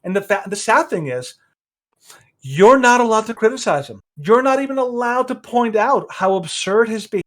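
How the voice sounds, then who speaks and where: High-voiced, emphatic male podcast co-host. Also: animated, normal speed, fairly bright tone. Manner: opinionated and emphatic, rambling with many restarts. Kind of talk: casual commentary.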